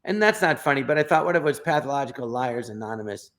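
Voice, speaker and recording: A man's voice: mid-range voice, fast talker. An older man, a comedian, telling stories in a casual interview, acting out quotes in little voices and often restarting his sentences. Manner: animated, acts out quotes with voices, stammers and restarts. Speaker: guest comedian.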